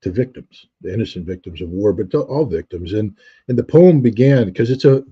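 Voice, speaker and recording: A man's voice: lowish voice, animated, brisk, husky, muffled recording. A man, a guest on an interview show, telling stories reflectively with frequent restarts and fillers. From United States. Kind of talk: conversational storytelling.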